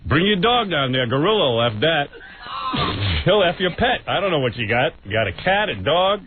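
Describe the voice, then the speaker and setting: A man's voice: a little high, big pitch swings, normal speed. A man hosting a radio show, taunting a rival in a crude, mock-menacing bit. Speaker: radio host. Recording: tinny lo-fi radio broadcast, faint hiss.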